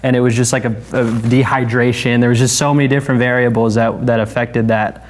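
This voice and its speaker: Male interview guest, a barber, mid-range voice, relaxed and profane, laughs while recounting the story. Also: mid-range voice, fairly quick. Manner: laid-back, laughing, swears often, frequent fillers. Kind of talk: casual conversation.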